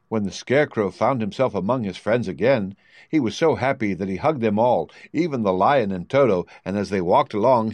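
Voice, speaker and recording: Man, storybook narrator, low voice, lively intonation, dry. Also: no echo.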